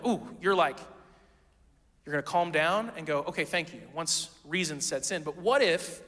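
A man's voice: sits high, a bit bright, big-room sound. A man preaching a sermon as pastor, in a casual, conversational way full of rhetorical questions.

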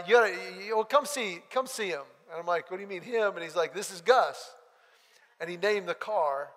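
High-voiced man preaching in a hall. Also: moderate pace. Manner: animated storyteller, quoting friends in lively back-and-forth. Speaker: pastor. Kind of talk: sermon with storytelling.

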